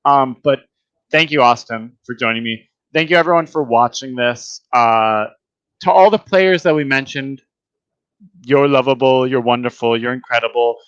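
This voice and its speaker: Joking young host, muffled dry sound. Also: male voice, medium pitch, moderate pace, a bit bright, smooth, no echo. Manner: joking, playful. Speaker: podcast host. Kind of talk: casual chat.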